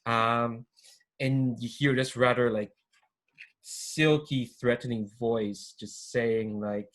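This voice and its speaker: A man's voice: medium pitch, fairly even intonation, slow pace, a bit bright. A man narrating as game master of a tabletop role-play game in a casual, rambling way with many restarts. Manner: rambling, full of fillers and restarts.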